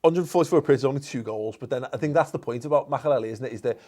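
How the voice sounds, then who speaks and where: A man hosts a casual football panel, steering the talk and listing player statistics. His voice sits at an ordinary middle pitch. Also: very fast, darkish tone. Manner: hosting, reciting stats. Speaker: show host. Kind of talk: casual chat.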